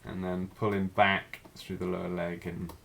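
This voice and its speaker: Low-voiced man teaching life drawing. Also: normal speed, vocal fry. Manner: relaxed, thinking aloud while drawing. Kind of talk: live drawing demonstration.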